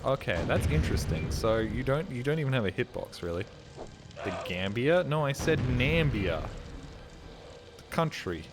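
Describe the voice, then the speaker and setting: Male gaming streamer, self-mocking and profane, lively pitch, clear game music underneath. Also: moderate pace. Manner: goofy, self-mocking, swears a lot. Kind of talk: casual gaming stream commentary.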